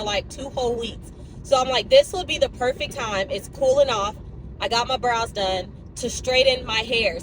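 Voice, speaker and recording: A young woman talks straight to her phone camera, chatty and animated, calling her viewers y'all. Her voice sits a little high. A faint hum of car or room noise runs underneath. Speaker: fitness vlogger. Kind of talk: casual chat to camera. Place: car, then gym locker room.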